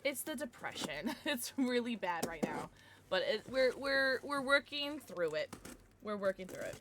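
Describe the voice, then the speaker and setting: A woman's voice: fairly high pitch, lively intonation, a little slow, a crowd in the background. A young woman streaming casually from home, gushing over gifts and baby-talking to her dogs between chats with viewers. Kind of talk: casual livestream chat.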